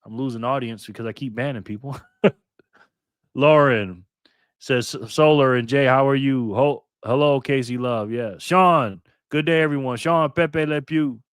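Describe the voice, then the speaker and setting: An older man runs a casual live stream, calling out viewers by name in bursts of loud cheer. In between he drops to low mutters while he works his phone, and his mid-pitched voice sits dry and close to the mic. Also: a little slow, clean tone, no room sound.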